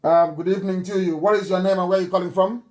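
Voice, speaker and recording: A man's voice: sits high, steady tone, very fast, darkish tone. A Nigerian man hosting a live broadcast, speaking emphatically and repeating his points insistently. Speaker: broadcast host. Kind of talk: live radio broadcast address.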